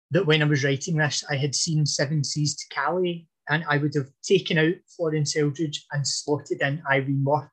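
Man, husky, a bit high, podcast history talker, thoughtful with restarts. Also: a bit bright. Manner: thoughtful, hesitant with fillers and restarts. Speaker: podcast guest expert on history. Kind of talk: casual podcast chat.

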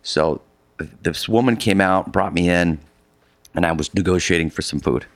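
A middle-aged man telling a long story in a casual conversation, animated and rambling with many restarts. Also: low-pitched, moderate pace, no echo. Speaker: guest, polar expedition adventurer.

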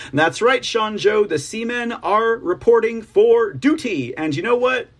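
A man's voice: high-pitched, animated, takes it slowly, breathy edge. A man hosting a political livestream news show, chatting casually, laughing often and reading viewer comments aloud.

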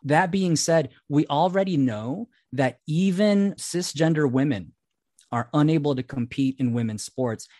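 A man's voice: a little high, measured pace, mellow, dry recording, clean studio sound. A man co-hosting a podcast who reads listener mail aloud and then explains his view at length, in casual talk. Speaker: podcast co-host.

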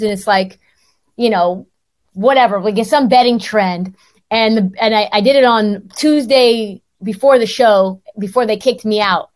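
A woman hosting a sports podcast, hoarse from laryngitis, telling stories in a chatty, self-deprecating way. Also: fairly high pitch. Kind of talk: casual sports talk.

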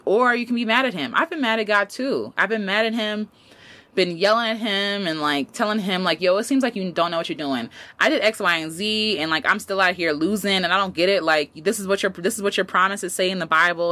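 A woman in her late twenties giving casual advice as a podcast host, animated and slangy, jumping up in pitch to stress a point. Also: no room sound. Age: late 20s.

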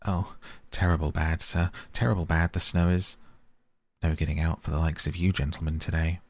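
A humble, polite young hedgehog boy from a storybook, as a man puts him on, speaking in a respectful country way. His voice is low with a gravelly edge. The sound is close and dry. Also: little pitch movement, moderate pace, a little mellow, no room sound, exaggerated voice. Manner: respectful, rustic, ungrammatical speech.

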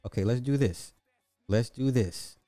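A man hosting a livestream, chatting casually with his viewers in a teasing, animated way. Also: a little slow, no echo, clean studio sound, soft background music. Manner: animated, teasing, swoops in pitch. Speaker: livestream host.

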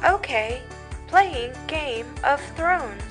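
A woman voicing a snarky smart-speaker assistant in a comedy skit, polite and deadpan. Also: sits high, very slow, music in the background, heavily acted.

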